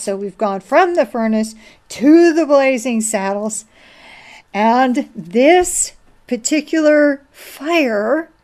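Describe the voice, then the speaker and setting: A woman's voice: high-pitched, a little mellow. A woman giving an informal sermon, telling a story and exhorting listeners. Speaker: preacher. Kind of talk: informal sermon with a film anecdote.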